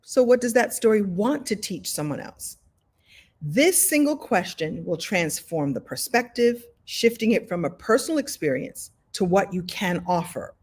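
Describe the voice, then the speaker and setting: A woman teaching a live online storytelling workshop, talking in an animated, conversational way with many repetitions. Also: medium pitch, moderate pace, breathy edge. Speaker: story coach. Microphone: video call.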